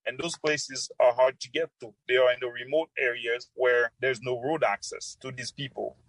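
Man, grave report, matter-of-fact, mid pitch, dry sound. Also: steady tone, normal speed, a bit bright, no room sound, poor audio. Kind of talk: radio interview report.

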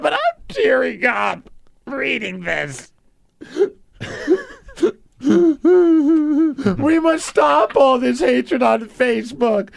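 A man's voice: extremely high pitch, vocal fry, voice pushed up, full character voice. A man voicing an overly sensitive woman who cries and wails about an online argument. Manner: crying, wailing shouts. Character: overly sensitive weepy woman on social media.

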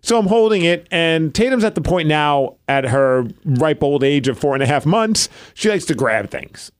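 This podcast co-host, a man in his thirties, has a smooth, fairly high voice and talks at a moderate pace. He chats casually and tells lively stories, laughing often, and the studio-quality recording is echo-free.

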